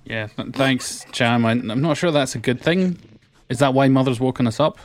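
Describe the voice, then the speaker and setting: A man's voice: medium pitch, normal speed, no room sound. A man playing a tabletop game, speaking bluntly and swearing casually. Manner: blunt and profane. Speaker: player. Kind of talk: casual in-character play.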